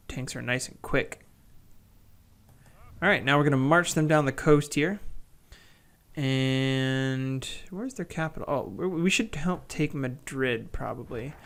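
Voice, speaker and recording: A man's voice: medium pitch, vocal fry, a bit bright. A man giving casual, wry play-by-play commentary on a strategy game he is playing. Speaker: gaming channel host.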